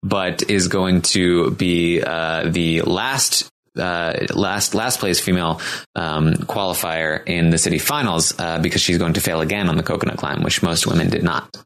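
A man co-hosting a casual podcast chat, rambling with frequent ums and restarts and slowing down to announce each competitor. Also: low-pitched, fairly even intonation, fairly bright tone. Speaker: podcast co-host recapping episodes.

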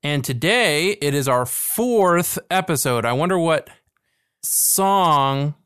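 Smooth-voiced man co-hosting a podcast. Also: fairly high pitch, measured pace, no room sound, studio quality. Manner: relaxed, laughing, trailing off with fillers. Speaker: podcast co-host. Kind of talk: casual chat.

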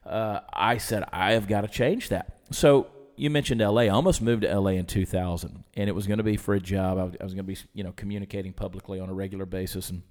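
Southern man, low register, lively anecdotal talker on a podcast. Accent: muted Southern US. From Georgia, US. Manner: storytelling, animated, quick to laugh. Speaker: podcast guest. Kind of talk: casual chat. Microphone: studio microphone with headphones.

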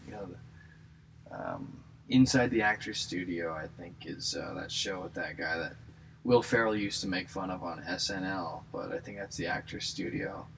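Low gravelly young man rambling casually. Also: normal speed, noisy background. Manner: self-deprecating, jokey, lots of fillers and restarts. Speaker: aspiring comedian and actor.

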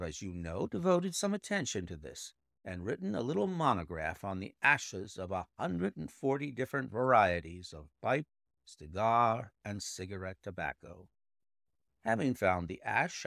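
Man reading as a precise Victorian detective, lively and measured, dry close sound. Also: medium pitch, vocal fry, no echo, exaggerated voice. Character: brilliant, precise male detective explaining deductions.

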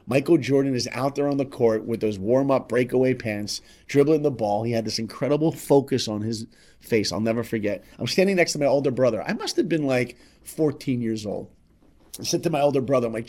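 A middle-aged man from New York with a husky, slightly breathy voice. He tells a motivational story with lots of energy, acting out each voice in it. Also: mid-range voice. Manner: animated, acts out voices in his stories.

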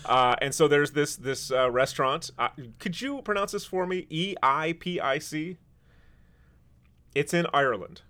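A man's voice: fairly high pitch, expressive, measured pace, sharp tone. A man who is a chef, hosting a casual podcast chat with a wry, sarcastic, rambling manner.

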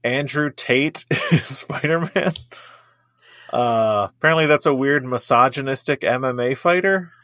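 A male podcast co-host talking casually about movies in a joking, rambling way. His voice sits at an ordinary middle pitch. The recording is dry and close. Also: a little slow, pushed and bright, no echo.

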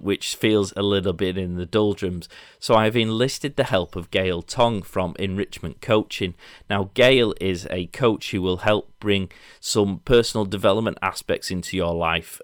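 A man with a Yorkshire accent hosts a relaxed business podcast in a low, deep voice. He talks in long, rambling runs and laughs easily. The sound is dry and close, with no room around it. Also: dry recording. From Leeds, England. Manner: chatty, rambling, laughs often. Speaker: podcast host. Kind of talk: casual podcast interview. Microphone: remote online call.

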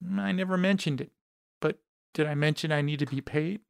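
Man reading as a cocky wisecracking investigator, smooth clear voice, dry sound. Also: a little high, fairly quick, dry recording. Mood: sarcastic. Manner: dry, sarcastic. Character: cocky sarcastic male private investigator.

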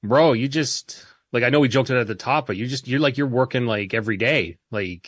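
A man's voice: medium pitch, a bit bright, husky, dry recording, studio quality. Rambling man co-hosting a podcast. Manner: rambling, halting, many fillers. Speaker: podcast co-host. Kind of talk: casual interview chat.

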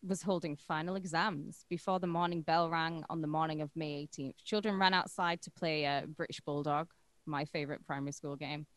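A woman's voice: low voice, fairly even intonation, a little fast, a bit bright, dry recording. A woman co-hosting a podcast, telling a true-crime story in a casual, irreverent way with crude jokes along the way. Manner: irreverent and crude, joking between facts.

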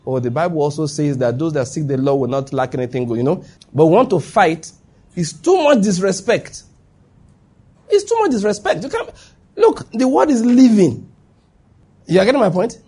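Husky-voiced man preaching emphatically. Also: on the high side, sing-song, brisk, darkish tone. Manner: emphatic, checks in with listeners. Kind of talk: sermon. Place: before a live congregation.

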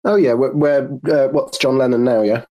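A man explaining things in a halting, agreeable way during a casual online audio chat. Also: mid-range voice, steady tone, dark tone.

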